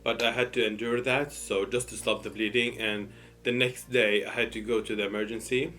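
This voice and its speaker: A man's voice: lowish voice, flat delivery, normal speed, pushed and bright, faint music behind. A man casually telling a personal story while eating, hesitant and full of fillers and restarts. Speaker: storytime host.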